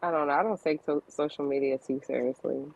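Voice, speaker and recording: A woman chatting casually on a podcast, relaxed and hesitant, with many fillers. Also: sits low, fairly quick, gravelly, poor audio. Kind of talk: casual chat.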